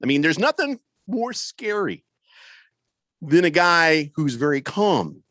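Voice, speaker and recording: A middle-aged man hosts a sports radio show from the studio, reading listener texts aloud and riffing on them. His voice sits a bit high and swings around a lot. The studio mic gives a close, dry sound. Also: very animated, takes it slowly, a bit bright, no room sound. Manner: chatty, wry, lots of fillers. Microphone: studio microphone.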